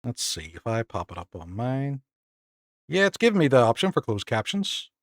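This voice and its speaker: An excitable man with a Northern Irish accent, chatting to his live-stream viewers in a casual, self-mocking way. His voice sits at a middling pitch, and the sound is close and dry with no room echo. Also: moderate pace. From Northern Ireland. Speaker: game streamer.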